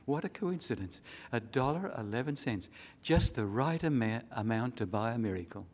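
Gentle distinguished doctor, sermon story, voiced by a man. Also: mid-range voice, lively intonation, moderate pace, big-room sound, lightly acted. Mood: kindly. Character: kindly distinguished older male surgeon.

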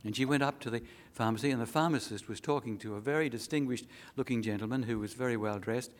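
A man's voice: mid-range voice, fast talker. Male preacher, sermon delivery, earnest storyteller, emphatic.

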